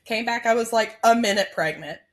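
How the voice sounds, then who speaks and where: A labor and delivery nurse in her thirties, speaking a little fast in a fairly high voice against a noisy background, shares her personal story as a podcast guest. The interview is emotional, candid and heartfelt, full of fillers.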